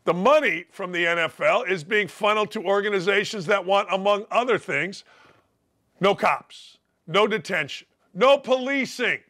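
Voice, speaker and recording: Brash, bright-voiced male sports host. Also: sits high, moderate pace. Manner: brash, combative, mocking. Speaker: sports talk show host. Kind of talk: opinionated sports talk monologue.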